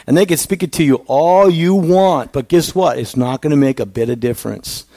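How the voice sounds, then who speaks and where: A man's voice: fairly high pitch, moderate pace, dark tone, no echo. A male pastor giving a conversational sermon, asking the congregation questions.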